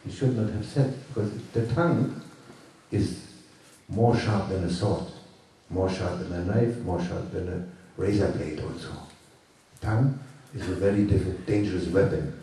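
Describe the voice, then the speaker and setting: A man's voice: deep voice, dark tone. Man telling a story in a roomy hall. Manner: halting, repeating, moralizing asides. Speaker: workshop storyteller. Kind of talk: telling a teaching story to a group. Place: workshop room. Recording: echoey room from far off.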